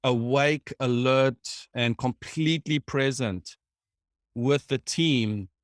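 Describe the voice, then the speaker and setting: Man, former CTO, telling a story, stops and restarts, mid pitch, dry sound. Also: slow pace, dry recording. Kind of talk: conversational anecdote.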